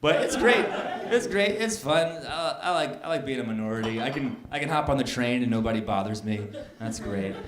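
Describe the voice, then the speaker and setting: A man performing a stand-up comedy set, telling stories in an animated way and jumping up high when he acts out scenes. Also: brisk. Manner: animated storytelling, jumps to high excited pitch when acting out scenes. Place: comedy club stage before a laughing audience. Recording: echoey club room with crowd laughter.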